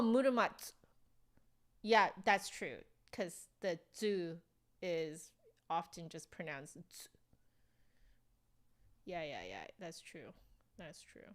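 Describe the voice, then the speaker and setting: A woman with a lowish but fairly bright voice hosts a flute livestream, chatting casually with viewers. She giggles a lot, reads the chat aloud, corrects herself, and fills pauses with "like" and "um".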